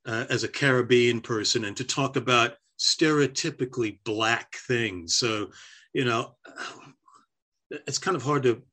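A man's voice: medium pitch, a little slow, sharp tone, husky. An older man, a former stand-up comedian, giving a reflective interview with frequent restarts. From half American, raised on air force bases. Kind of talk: oral history interview.

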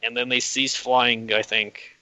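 A man co-hosting a podcast, recapping a film in a halting, hesitant way. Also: mid-range voice, level tone, bright, forceful tone, no room sound, poor audio. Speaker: podcast co-host. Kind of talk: casual film discussion.

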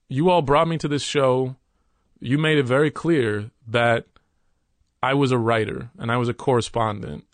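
A man as an interview guest, candidly recounting a workplace conflict in an earnest, halting way with many restarts. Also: medium pitch, no room sound.

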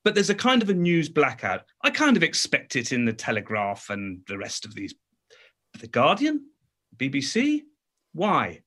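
A man's voice: medium pitch, huge pitch swings, normal speed, pushed and bright. A man speaking as a talk show guest, emphatic and indignant, often restarting his sentences. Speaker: guest commentator.

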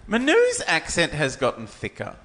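A man's voice: a little high, wildly swooping pitch, normal speed, fairly bright tone. A man in casual comedy chat, laughing and mimicking voices for a bit. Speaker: podcast co-host.

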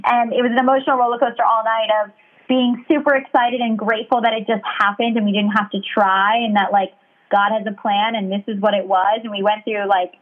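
A young woman with a fairly high voice talks in a chatty, candid, rambling way, piling up her thoughts as they come. Her voice has a thin, tinny, phone-like sound. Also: flat delivery, a little fast. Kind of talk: candid casual chat.

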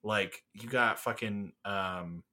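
Enthusiastic rambling young man, bright voice. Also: fairly low pitch, slow. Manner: enthusiastic, rambling, swears casually, many fillers. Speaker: podcast co-host. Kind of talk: casual chat.

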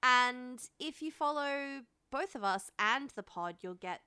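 A woman's voice: sits high, animated, measured pace, bright, forceful tone, clear, resonant tone, no room sound. A woman co-hosting a podcast in casual chat, laughing often, swearing freely and making fun of herself. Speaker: podcast co-host.

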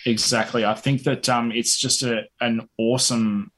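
A man with a mid-range voice chatting on a gaming podcast. He thinks out loud, with many ums and restarts as he works toward his point. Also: mid-range voice, level tone, normal speed. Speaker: podcast co-host. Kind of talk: casual gaming podcast chat.

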